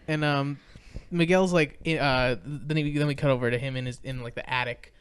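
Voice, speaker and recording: A man on a podcast walks through a movie plot in loose, meandering chat. His voice is smooth and resonant, at a middling pitch, and full of "like" and "um". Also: steady tone, a little fast. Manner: rambling, lots of "like" and "um", restarts. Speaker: podcast co-host. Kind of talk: casual movie recap chat.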